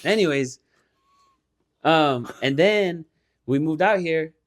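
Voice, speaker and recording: A man's voice: fairly high pitch, expressive, slow, slight background noise. A young man co-hosting a podcast, telling a long casual story, swearing freely and laughing often. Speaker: podcast co-host. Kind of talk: casual chat.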